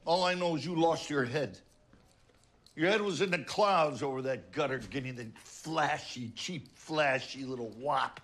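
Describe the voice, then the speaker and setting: An actor playing a gruff, blunt, middle-aged working-class father in a film drama. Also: on the high side, measured pace, fairly bright tone. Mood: bitter.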